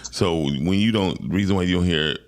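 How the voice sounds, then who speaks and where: A man's voice: low voice, fairly quick. A man co-hosting a talk show, arguing his points emphatically in casual chat and swearing freely. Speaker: co-host.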